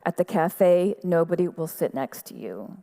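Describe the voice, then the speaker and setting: Woman reading her own story aloud, lowish voice, slow and deliberate. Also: lively intonation, vocal fry, dark tone. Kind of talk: literary reading. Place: outdoor festival stage.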